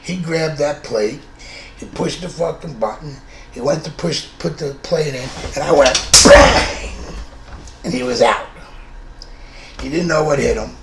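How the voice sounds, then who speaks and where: A man's voice: fairly high pitch, measured pace, vocal fry, long pauses. A man in his fifties from New York with a New York accent, telling a true story in a blunt, profane, conversational way. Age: 50s. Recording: roomy room with faint noise.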